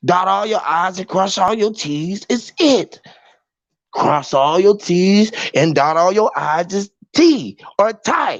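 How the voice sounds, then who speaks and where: A man's voice: high-pitched, no room sound. Man on a rambling, profane wordplay rant. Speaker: podcast host. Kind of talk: rambling monologue. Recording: dull lo-fi, dry.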